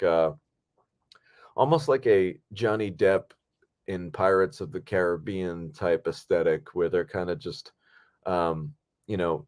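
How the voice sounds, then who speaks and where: A man co-hosting a podcast from home on a video call, telling a relaxed, rambling story with many fillers. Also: sits low. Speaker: podcast co-host and actor. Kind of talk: casual podcast chat. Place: home, at a computer.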